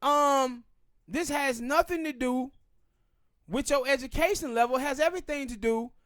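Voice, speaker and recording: Southern male podcast host, high-pitched, opinionated, talks with hard emphasis. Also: fairly bright tone, no room sound, studio quality. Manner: emphatic, ranting, drawn-out pauses. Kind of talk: opinionated casual commentary.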